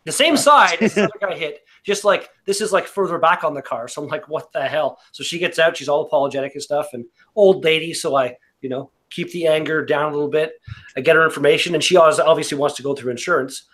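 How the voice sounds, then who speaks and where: A man with a Canadian accent telling a relaxed, rambling, profane story among friends. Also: on the high side, quick pace. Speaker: beer review podcast regular.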